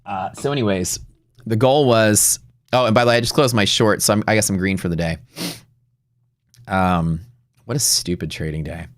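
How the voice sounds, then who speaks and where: A man's voice: lowish voice, moderate pace, long pauses, no echo, studio quality. A middle-aged man hosting a live day-trading stream, telling a story in a blunt, profane, rambling way with many restarts.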